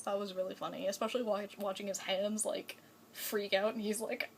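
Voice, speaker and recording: A woman's voice: medium pitch, level tone, fairly quick, slight background noise, rough recording. A young woman chatting casually in a fan vlog, rambling and enthusiastic, full of fillers and restarts. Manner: gushing, enthusiastic. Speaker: vlogger.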